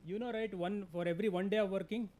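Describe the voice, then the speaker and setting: Man, Indian English accent, fairly high voice, mellow tone, halting classroom lecture. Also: fairly even intonation. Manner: halting, many fillers and restarts, directive. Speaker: lecturer on labour law. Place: lecture hall.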